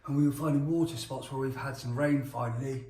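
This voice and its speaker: Very low-voiced woman, far off and echoey. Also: steady tone, fairly quick, mellow. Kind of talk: casual explanation. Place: archive room in a manor house. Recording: echoey room, far from mic.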